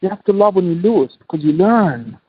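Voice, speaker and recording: Passionate husky man from Tunisia. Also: sits high, lively intonation, fairly quick, narrow, tinny audio. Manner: impassioned, repetitive, non-native English. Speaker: guest entrepreneur. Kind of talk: passionate interview talk.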